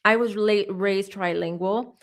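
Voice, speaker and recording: A woman's voice: mid-range voice, measured pace. A woman tarot reader with a mixed American and British accent, chatting casually with a livestream audience, rambling, often restarting and stumbling over her words. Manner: opinionated, rambling. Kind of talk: casual livestream chat answering comments.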